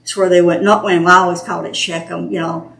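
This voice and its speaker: A woman's voice: fairly low pitch, flat delivery, fast talker, gravelly, a bit bright. A woman with an East Tennessee Southern accent leading a small group Bible study, chatty and patient, laughing easily. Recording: roomy home recording.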